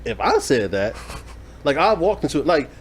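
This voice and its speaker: Relaxed, thoughtful man in casual talk. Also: on the high side, moderate pace, slight background noise. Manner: relaxed, thoughtful, hesitant with fillers. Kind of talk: casual chat. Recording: faint room ambience.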